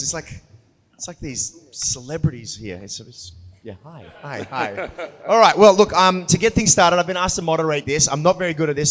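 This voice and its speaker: A man moderating a live convention panel on stage, excitable and rambling with lots of fillers. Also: on the high side. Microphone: handheld mic. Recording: reverberant hall with crowd noise.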